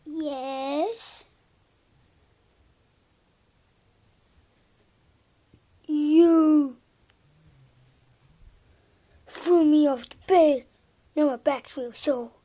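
Girl doing a cheeky little toy creature, high voice, kinda slow, grumbly. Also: fairly even intonation, warm tone. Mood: grumbling. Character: silly toy creature named Snicko, cheeky.

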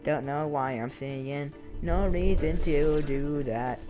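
Teenage gamer, casual commentary, silly jokey delivery, game music behind. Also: male voice, on the high side, slow. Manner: silly, playful, puts on a joke accent.

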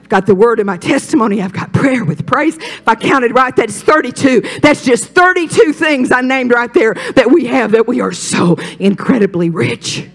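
A woman from Mississippi, a pastor's wife telling her testimony on a talk show, animated and dropping to hushed whispers for emphasis. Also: on the high side, moderate pace, hardly any pauses. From Mississippi, USA.

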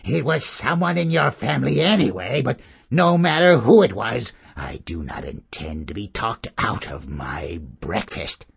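A man's voice: mid-range voice, lively intonation, a little slow, gravelly, husky, full character voice. A man doing a snarling, bullying wolf. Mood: fierce, accusing. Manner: snarling, accusing. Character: fierce bullying male wolf, savage and hungry.

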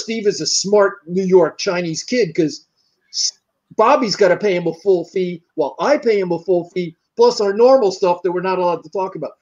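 Older man, from the United States, high voice, rambling anecdotes, interview guest, muffled audio. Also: a little mellow. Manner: rambling, anecdotal, acts out quoted dialogue. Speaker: martial arts grandmaster, interview guest. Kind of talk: storytelling in an interview.

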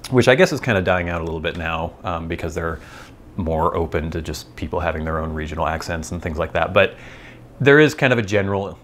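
A man's voice: low-pitched, a little fast, fairly bright tone, a little hiss or hum. An American man hosting his channel, talking in a chatty, digressive, amused way. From United States. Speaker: host. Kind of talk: casual rambling monologue.

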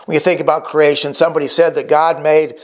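A middle-aged male pastor preaching a sermon, emphatic and slowing down to stress key words. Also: on the high side, flat delivery.

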